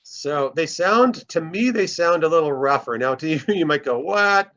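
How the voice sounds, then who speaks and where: A man's voice: a little high, normal speed, a bit bright, muffled recording. A man teaching a casual online birding lesson, explaining step by step as he plays bird recordings. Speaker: birding instructor.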